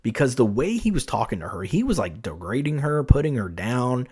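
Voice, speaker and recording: A man's voice: medium pitch, brisk, slightly rough. A man hosting his own podcast, telling a story casually, rambling with lots of restarts and filler words. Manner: rambling, full of "like" and "you know", many restarts, animated. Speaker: podcast host.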